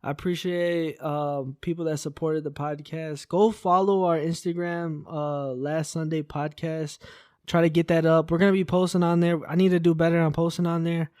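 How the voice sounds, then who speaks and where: A man's voice: fairly high pitch, level tone, moderate pace, darkish tone, smooth, dry recording, clean studio sound. A young man co-hosting a podcast, chatting casually in a joking, teasing, rambling way. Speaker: podcast co-host. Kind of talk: casual chat.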